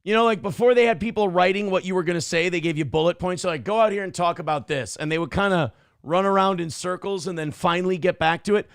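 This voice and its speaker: A man hosting a comedy talk show, reacting to clips with sarcastic, profane commentary and animated storytelling. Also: high voice, fast, hardly any pauses, smooth, no room sound, studio quality. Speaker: morning show host.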